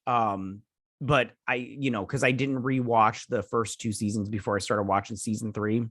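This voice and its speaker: A man's voice: fairly low pitch, fairly even intonation, moderate pace, fairly bright tone, no room sound, clean studio sound. A man hosting a show, casually recapping and reviewing a TV episode in a rambling way, full of fillers, swearing freely. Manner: rambling retelling, many fillers like "like" and "he's all like".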